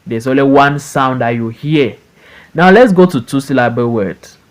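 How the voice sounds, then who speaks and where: A man teaching an English phonics lesson, reading words slowly syllable by syllable for students to repeat. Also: medium pitch, animated. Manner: slow and deliberate, stretching words out syllable by syllable.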